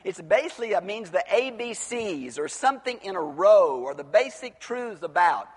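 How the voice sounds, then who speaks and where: A man preaching an expository Bible sermon, teaching from the text and rising to near-shouts on his rhetorical questions. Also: high voice, very animated, normal speed, slightly rough, long reverb tail.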